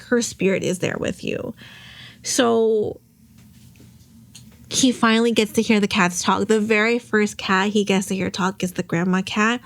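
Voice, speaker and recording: A young woman hosting a podcast, recapping a drama in casual chat, rambling and emotional, close to tears at times. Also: medium pitch. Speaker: podcast host.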